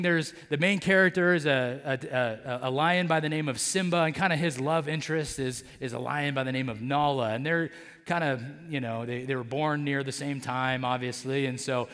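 Male pastor, conversational sermon, slightly higher voice, filler-heavy, long hall reverb. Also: normal speed, a bit bright, clean tone. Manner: conversational, many fillers like "like" and "right?"; acts out characters' lines in his storytelling. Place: church sanctuary.

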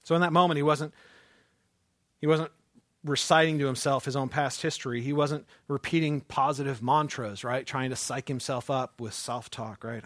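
A male pastor preaching a sermon, telling a story with animated swings from loud, fast passages to hushed, slow ones. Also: mid-range voice, no room sound, clean studio sound.

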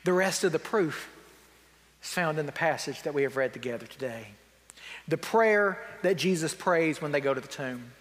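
A man pastor delivers a sermon with a notably high voice, paraphrasing scripture in plain, wry everyday speech. He leans hard on key points, then sinks into quiet reflection. The sound carries a long reverb, as in a large church hall. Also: animated, normal speed. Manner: wry and emphatic, dropping to quiet reflective tones.

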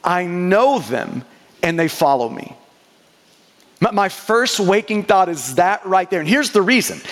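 A man with a high voice preaches to his congregation, pressing points hard and tripping into repeated starts of words. His sermon rings out with the long reverb of a big hall. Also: fairly bright tone. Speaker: pastor.

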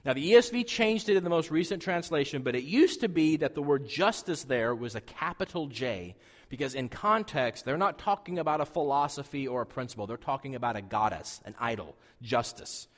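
A man from Wyoming, a pastor preaching a storytelling sermon, conversational and animated, swinging between loud and hushed. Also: mid-range voice, a little fast. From Wyoming, USA. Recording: reverberant hall.

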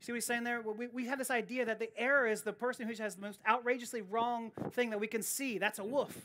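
A woman's voice: fairly high pitch, fairly quick. A woman pastor preaching a sermon in an earnest, emphatic way, often repeating key phrases and restarting her sentences.

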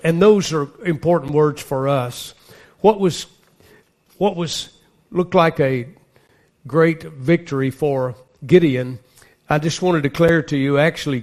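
Earnest man preaching, a bit high-pitched. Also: a little slow, a little mellow. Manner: earnest preaching, reads scripture aloud with rising emphasis. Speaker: pastor. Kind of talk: sermon.

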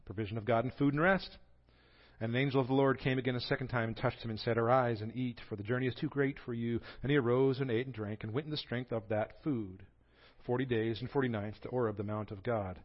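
Animated Southern preacher, slightly dull sound. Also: male voice, medium pitch, quick pace. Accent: Southern American. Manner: animated storytelling, acts out quoted voices. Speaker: pastor. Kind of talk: sermon.

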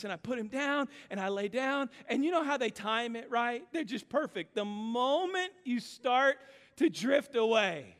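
A man in his thirties, a pastor preaching a sermon in a church, earnest and storytelling, moving between loud and hushed. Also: extremely high pitch, expressive, normal speed. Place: church sanctuary. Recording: long hall reverb.

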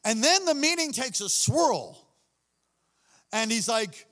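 A high-pitched male pastor preaches to his congregation with animated swings from hushed asides to shouts. His voice rings with a long reverb from the church hall. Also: takes it slowly, pauses often. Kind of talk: sermon.

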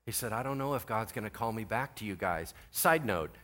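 Lively, bright-voiced man preaching a sermon. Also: on the low side, a little fast. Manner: animated storytelling, voices others in quotes, swings from quiet to shouting. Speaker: pastor.

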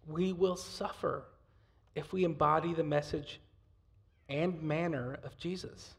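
Gravelly pastor preaching with passion. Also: male voice, a little high, steady tone, a little slow. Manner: impassioned, swinging between loud emphasis and near-whispers. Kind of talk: sermon.

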